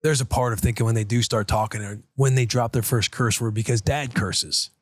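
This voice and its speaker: A man hosting a podcast, telling a rambling, animated story in casual chat. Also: medium pitch, brisk, no echo, clean studio sound. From United States. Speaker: podcast host.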